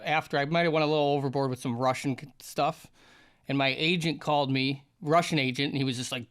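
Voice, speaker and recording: A man co-hosting a podcast who tells a story in animated, profane casual chat and laughs often. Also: medium pitch, quick pace. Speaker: podcast co-host.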